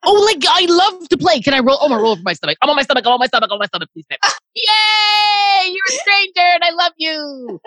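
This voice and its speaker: A woman's voice: very high-pitched, big pitch swings, fast talker, pushed and bright, no echo, voice pushed up, exaggerated voice. A woman voicing a goofy, friendly young female dog who eagerly welcomes strangers inside.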